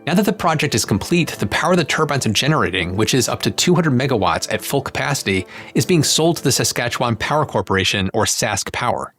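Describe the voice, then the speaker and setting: A man's voice: mid-range voice, fast. A man giving polished scripted narration as a video host. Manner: polished, even delivery.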